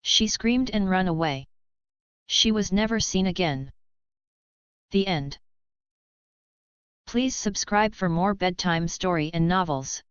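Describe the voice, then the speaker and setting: A woman narrating a bedtime story in a plain, even storytelling manner, in a dull lo-fi recording. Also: lowish voice, slow pace, pauses often, clean tone, no echo.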